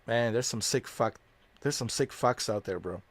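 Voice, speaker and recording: A man's voice: medium pitch, moderate pace. A man giving crude, mocking commentary while playing a video game. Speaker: gameplay streamer. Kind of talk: profane casual commentary.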